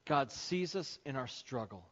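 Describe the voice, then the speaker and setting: Pastor preaching, dull lo-fi recording. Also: male voice, medium pitch, lively intonation, unhurried, a bit bright. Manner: conversational, jokes with the congregation. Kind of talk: sermon. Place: church sanctuary.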